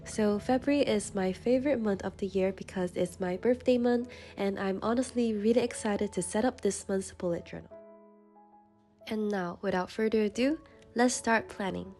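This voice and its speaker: A young woman hosting a journaling channel, with a congested voice from a runny nose, narrating a voice-over in a gentle, calm, upbeat way. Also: mid-range voice, normal speed. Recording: soft music in the background.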